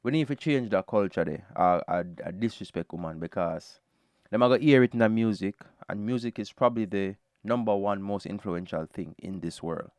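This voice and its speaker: A Jamaican man reviews a song in casual, animated talk, calling the listener brother again and again. His voice is smooth and resonant, and the sound is dry and close. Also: lowish voice, normal speed, no echo. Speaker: reaction podcast host. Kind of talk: casual music review commentary.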